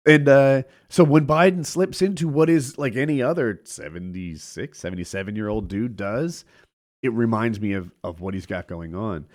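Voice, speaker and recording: A man chatting casually about politics on a podcast, animated and laughing easily. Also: on the low side, normal speed. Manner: animated, laughs often, trails off.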